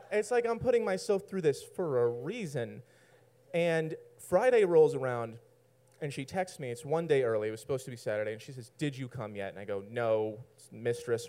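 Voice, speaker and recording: A man's voice: mid-range voice, a little mellow. Brief: male storyteller, loose and rambling, self-mocking humor. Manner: rambling, self-mocking, laughs at his own lines. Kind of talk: personal story told to an audience.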